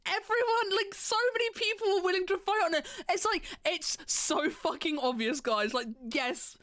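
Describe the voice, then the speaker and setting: A woman's voice: very high-pitched, moderate pace, a bit bright, no room sound. A woman streamer ranting in casual chat, sweary and sarcastic, slipping into mocking voices.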